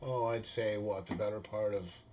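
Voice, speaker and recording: A man's voice: lowish voice, steady tone, normal speed, a little hiss or hum. Rambling male podcast host. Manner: rambling, filler-heavy, friendly. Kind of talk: casual podcast chat.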